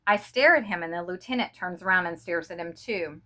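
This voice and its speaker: A woman reading a short story aloud in an expressive, dramatic way. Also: on the low side, fairly quick, hardly any pauses. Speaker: reader.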